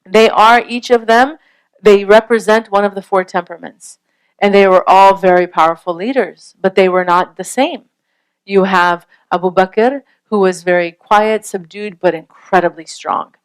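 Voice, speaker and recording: A woman's voice: medium pitch, moderate pace, clean tone, low-quality recording. A woman giving an earnest, conversational talk on parenting and faith, often checking in with her listeners with a rhetorical question. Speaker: Islamic parenting speaker. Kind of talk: casual lecture.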